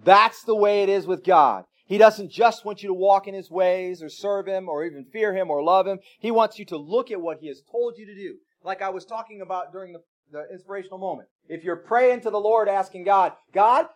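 A man with a notably high-pitched voice preaches a sermon. His delivery is relaxed and chatty, with frequent tag questions and homely kitchen examples. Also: brisk. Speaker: pastor.

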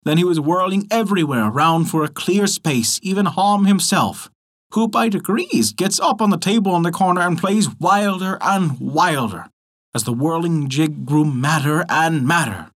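A man narrating a folk tale in an expressive storytelling manner. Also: on the high side, moderate pace.

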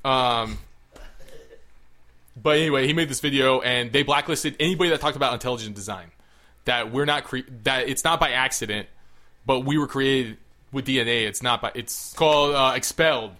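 A man co-hosting a casual podcast chat, rambling and excitable, swearing freely. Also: mid-range voice, normal speed. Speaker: podcast co-host.

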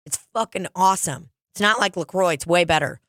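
A woman co-hosting a podcast, telling a story in casual chat, animated and swearing freely. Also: a little fast, dry recording, clean studio sound. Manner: animated, swears freely, mimics people in high excited voices. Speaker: podcast co-host.

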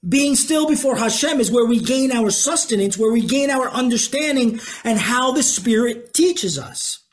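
A preacher teaching a sermon in a conversational way, asking the congregation questions and moving between slow emphasis and quick asides. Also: medium pitch, lively intonation.

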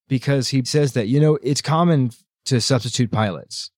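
A man hosting a podcast, retelling a story with quick, lively character voices in a casual book-club chat. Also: medium pitch, dry recording, studio quality. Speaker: podcast host.

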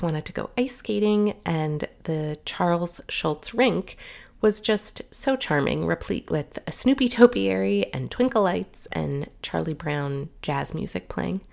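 A woman's voice: lowish voice, creaky. A middle-aged woman hosting a podcast in a chatty, upbeat monologue, sounding nasal from a cold. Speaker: podcast host.

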